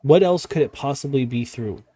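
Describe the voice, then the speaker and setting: A man's voice: medium pitch, expressive, moderate pace, mellow, dry recording. A man hosting a casual chat, reacting to a video, rambling with many fillers and restarts. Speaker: podcast host.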